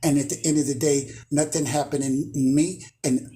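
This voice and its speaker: A man's voice: fairly high pitch, fairly even intonation, normal speed, dark tone. A man who hosts a spiritual channel, giving a boastful, emphatic monologue to camera and repeating phrases for emphasis.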